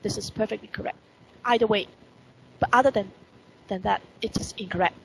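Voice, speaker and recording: A woman's voice: medium pitch, fairly even intonation, a little fast, creaky, a little hiss or hum, rough recording. A woman with a Hong Kong accent teaching an online English lesson, stressing key words and asking rhetorical questions. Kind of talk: online lesson explaining report writing. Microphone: computer mic on video call.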